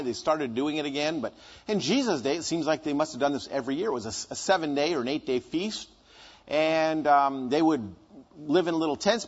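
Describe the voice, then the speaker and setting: A man's voice: on the high side, breathy edge, lo-fi sound. A man preaching a conversational sermon, asking his congregation questions and answering them himself.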